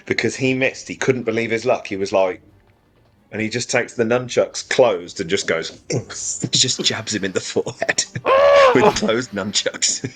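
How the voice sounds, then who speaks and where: A man playing a tabletop game, telling his character's moves in a lively way and laughing often. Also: on the low side, unhurried, slightly rough, soft background music. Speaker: player. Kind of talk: casual chat at a tabletop game.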